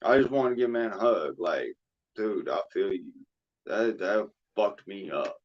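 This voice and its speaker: A man's voice: fairly low pitch, animated, unhurried. A man streaming a casual chat, talking emotionally in a rambling way, cursing often and repeating himself, with a drawl. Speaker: streamer hosting a chat panel. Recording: dull lo-fi mic.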